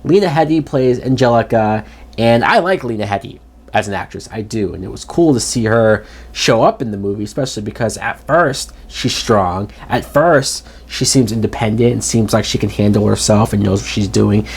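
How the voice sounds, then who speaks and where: A man's voice: animated, moderate pace, slightly rough. Man ranting in a casual movie review. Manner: exasperated ranting, emphatic pitch jumps; chatty and informal, fillers like "like". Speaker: film reviewer, channel host.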